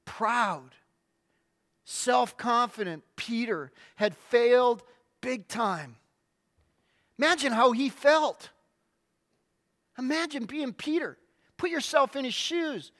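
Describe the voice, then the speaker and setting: A middle-aged man preaching a sermon as a pastor, telling stories dramatically with emphatic pauses. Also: very high-pitched, big pitch swings, a bit bright.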